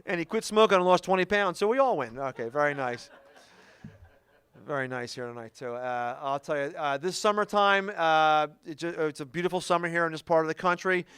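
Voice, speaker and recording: A middle-aged man doing a stand-up comedy routine, telling stories in an animated way with quick asides. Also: on the high side, clear, resonant tone, no room sound. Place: comedy club stage.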